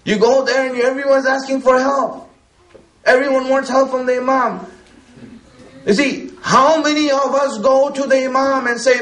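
A man's voice: very high-pitched, fairly even intonation, normal speed, a bit bright. A man giving a religious talk to a gathering in a conversational way, filling it with "you know" and putting questions to his listeners. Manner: conversational, many fillers, asks the listeners questions. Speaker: preacher. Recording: roomy echo.

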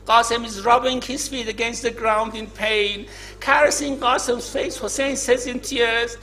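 A man's voice: extremely high pitch, steady tone, measured pace, pushed and bright, soft background music, low-quality recording. A man narrating a dramatic religious story in a tearful, emotional way, his voice at times breaking.

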